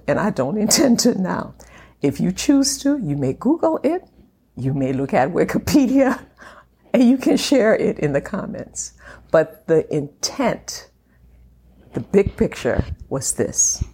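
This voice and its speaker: A middle-aged woman hosting a faith podcast from her home, talking in an encouraging way and slowing down to stress her points. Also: deep voice, darkish tone, husky. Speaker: podcast host. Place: home room at a glass table.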